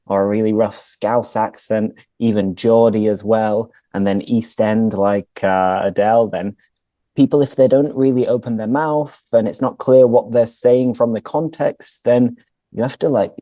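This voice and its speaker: British man, English teacher hosting an interview, mellow mid-pitched voice, dry studio sound. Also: measured pace, dry recording. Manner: relaxed, laughs along, explains plainly. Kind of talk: casual interview chat.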